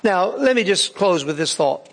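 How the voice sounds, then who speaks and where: A man delivers a sermon with a folksy, earnest manner. His voice sits notably high. It carries a long, lingering hall reverb. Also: animated, moderate pace, vocal fry. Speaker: preacher.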